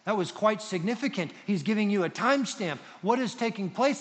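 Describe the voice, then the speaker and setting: A male pastor preaches a sermon, voice set a little high and swinging between loud emphasis and quiet, hushed moments. His words ring out across a church hall with long reverb. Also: expressive, brisk.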